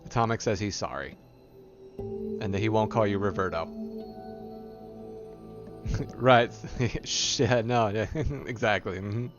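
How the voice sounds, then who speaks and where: A man's voice: lowish voice, takes it slowly, long pauses, highs cut off, music in the background. A man streaming a game live, playfully teasing his companion and relaying her replies aloud, laughing often.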